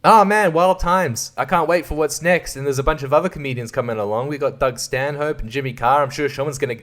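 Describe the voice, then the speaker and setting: A man's voice: on the high side, fairly quick, a bit bright. A man hosting a podcast, riffing in a crude, irreverent comic monologue and laughing at his own jokes. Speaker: podcast host. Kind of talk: casual comedic monologue.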